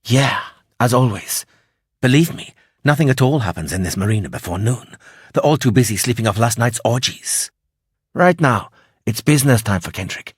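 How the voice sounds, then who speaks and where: A man's voice: mid-range voice, slightly rough, no room sound, clean studio sound. A man doing a slangy, blunt street-smart woman.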